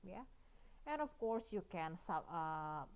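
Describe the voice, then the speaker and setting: A woman's voice: fairly low pitch, big pitch swings, slow pace, smooth. Woman lecturer, Indonesian accent, step-by-step. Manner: frequent "yeah" and "right?" check-ins, step-by-step explaining. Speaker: university math lecturer. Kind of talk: recorded math lecture.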